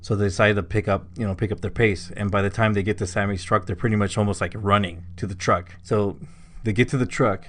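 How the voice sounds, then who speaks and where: A man's voice: on the low side, steady tone, quick pace, fairly bright tone, slight background noise. A man casually telling a spooky story on a podcast, rambling with lots of filler words. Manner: rambling, full of "like" and "you know". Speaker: podcast co-host.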